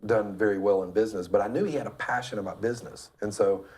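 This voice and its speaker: A middle-aged man from Tennessee, a guest telling stories in a casual interview, lively and full of stammered restarts. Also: fairly low pitch, quick pace. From Cleveland, Tennessee. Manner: animated storyteller who acts out other people's voices, with frequent stammered restarts. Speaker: guest, real estate developer. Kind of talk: casual storytelling in a talk show interview.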